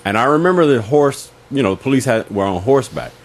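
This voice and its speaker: A man's voice: medium pitch, animated, fast talker. A man co-hosting a community radio talk show, speaking emphatically in casual chat and backing up his partner. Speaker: radio co-host.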